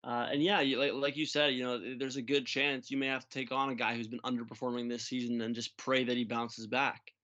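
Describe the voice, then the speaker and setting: Podcast cohost guy, middle pitch, kinda muffled lo-fi audio, lots of uh's. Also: flat delivery, brisk, hardly any pauses, sharp tone. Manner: hesitant, many "uh" and restarts. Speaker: podcast co-host. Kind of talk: casual sports talk.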